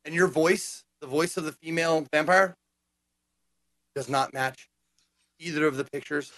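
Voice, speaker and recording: A man chatting casually as a gaming podcast co-host, animated and profane, acting out quotes as he tells stories. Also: on the high side, measured pace, dry recording. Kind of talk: casual chat.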